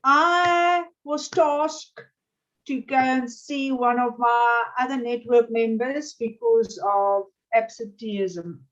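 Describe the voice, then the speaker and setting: A woman telling a deliberate anecdote in a casual online chat. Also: fairly high pitch. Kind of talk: casual storytelling. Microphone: video call. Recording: dull lo-fi sound.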